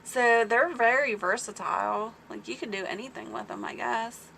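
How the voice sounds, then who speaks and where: Bright-voiced chatty woman on a livestream. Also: a little high, moderate pace, creaky, slight background noise. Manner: excitable and chatty, reads viewer comments aloud. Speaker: small-farm livestream host. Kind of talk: casual livestream chat with viewers.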